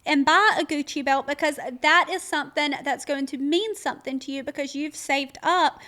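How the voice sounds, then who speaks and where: A woman's voice: high-pitched, moderate pace. A young woman with a mild Georgia Southern accent, telling stories animatedly to listeners in a casual chat. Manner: animated storytelling, addresses listeners directly. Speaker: podcast co-host, pageant titleholder.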